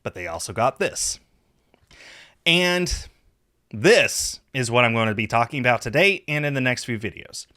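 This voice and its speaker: A man from the United States hosts his own collector video, talking loosely and rambling a little. His voice sits in a middle pitch, and it often jumps up when he gets excited. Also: moderate pace. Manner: rambling, chatty, animated pitch swings. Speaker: video host. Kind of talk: casual collector vlog.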